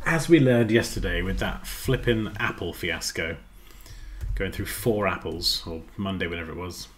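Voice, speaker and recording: A man's voice: sits low, moderate pace, a bit bright. A man chatting casually on a design livestream, rambling and muttering as he works. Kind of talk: casual livestream chat while editing.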